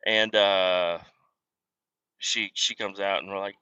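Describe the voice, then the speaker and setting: A man's voice: low-pitched, steady tone, slow, bright, forceful tone, clear, resonant tone, no room sound, muffled recording. A man hosting a casual podcast, rambling through family stories in a profane, self-deprecating way while on the road. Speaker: podcast host. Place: car.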